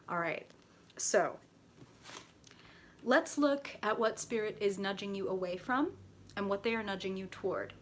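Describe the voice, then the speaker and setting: A woman's voice: medium pitch, normal speed, slight background noise. A woman hosting a live tarot reading, chatting casually with viewers, laughing often and swearing now and then. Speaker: tarot reader hosting a livestream.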